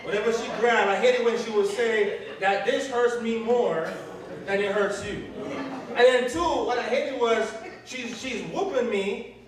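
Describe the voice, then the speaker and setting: A man preaching a call-and-response sermon, animated, stopping so the congregation fills in the words. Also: extremely high pitch, a little slow. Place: church sanctuary with congregation. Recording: echoey church from far off, crowd.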